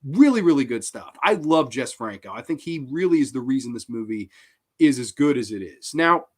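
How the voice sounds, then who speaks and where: Man, horror film host, casual review, lively pitch, excitable, profane. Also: moderate pace, husky.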